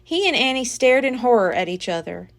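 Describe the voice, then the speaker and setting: A woman reading a children's book aloud as a library storyteller, with an expressive, dramatic delivery. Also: fairly high pitch, a little fast, vocal fry.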